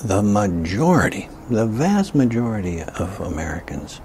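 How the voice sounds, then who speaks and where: Low-voiced man ranting with whispered asides. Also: sing-song, moderate pace, darkish tone, slight background noise. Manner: emphatic, with frequent breathy whispered asides. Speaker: political commentator. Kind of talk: ranting political commentary.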